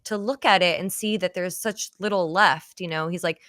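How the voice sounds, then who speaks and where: A woman's voice: fairly low pitch, moderate pace, a bit bright, dry recording, clean studio sound. A woman hosting a podcast, telling stories in an earnest, casual way with many fillers like "you know". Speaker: podcast host.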